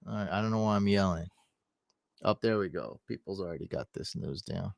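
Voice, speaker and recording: Man, low voice, live-stream host, thinks aloud, answers chat, dry close sound. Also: a little fast, vocal fry, no room sound. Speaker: fantasy football streamer. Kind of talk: casual live-stream advice.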